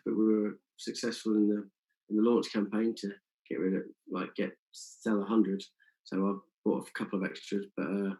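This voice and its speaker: A man with a Nottingham accent, a music promoter chatting in an interview and talking haltingly with many fillers. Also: lowish voice, mellow, rough recording. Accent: Nottingham English. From England. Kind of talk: casual interview chat.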